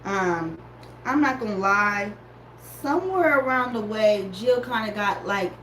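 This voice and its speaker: A woman in casual chat, telling an animated story and calling her listeners y'all. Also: medium pitch, a little slow. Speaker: podcaster reviewing a music battle. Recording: echoey room with faint background noise.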